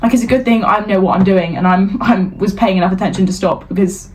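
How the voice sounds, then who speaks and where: A woman's voice: mid-range voice, fast talker, poor audio. A young woman with a British accent, co-hosting a podcast in casual chat, ranting with lots of swearing and laughter. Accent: British English. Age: young adult. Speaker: podcast co-host.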